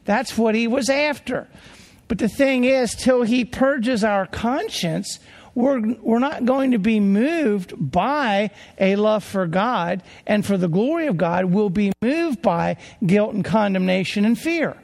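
A man preaching a sermon as a pastor, in an earnest, slow delivery full of rhetorical questions. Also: high-pitched, lively intonation, creaky, a little mellow. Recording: long hall reverb.

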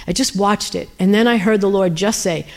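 A middle-aged woman minister tells testimony stories from the pulpit in a mid-pitched voice. She is animated, acting out dialogue as she goes and slowing down for emphasis on key lines. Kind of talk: testimony sermon storytelling.

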